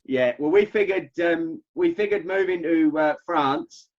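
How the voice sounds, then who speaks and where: A man's voice: fairly high pitch, unhurried. A man with a Cockney accent, a cycling coach guesting on a podcast over a remote call, talking in a cheeky, jokey way. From England. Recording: dull remote-call audio.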